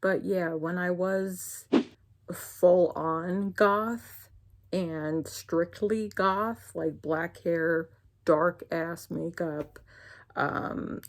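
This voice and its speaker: Gravelly, low-voiced woman with a New Jersey accent. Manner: rambling, chatty, self-interrupting. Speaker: YouTuber. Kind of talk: casual chat reviewing shows.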